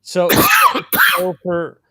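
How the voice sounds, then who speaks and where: A man from the United States hosting a casual music chat podcast, relaxed and unhurried, with lots of fillers and restarts. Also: high-pitched. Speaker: podcast host.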